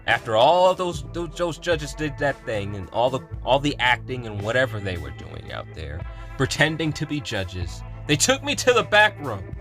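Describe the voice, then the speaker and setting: A young man with a bright, forward voice rambles through a story for his gaming channel. He's animated and full of fillers and little laughs. Faint music plays behind him. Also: mid-range voice, normal speed. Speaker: gaming YouTuber. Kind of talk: casual storytelling vlog.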